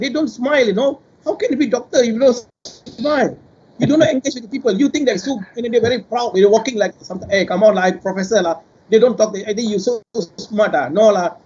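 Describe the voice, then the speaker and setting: Animated man with a Malaysian English accent. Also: very high-pitched, breathy edge, lo-fi sound. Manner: animated, rambling, addresses panelists directly. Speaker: professor. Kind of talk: panel discussion remarks.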